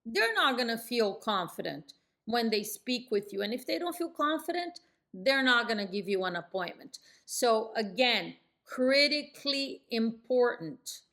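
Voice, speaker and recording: A middle-aged woman coaching real estate agents, speaking firmly in falling tones and jumping up high to demonstrate. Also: sing-song, a little slow, fairly bright tone. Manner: emphatic, demonstrates phone tones with sudden high pitch jumps; speaks in firm downswings. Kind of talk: coaching lesson to camera.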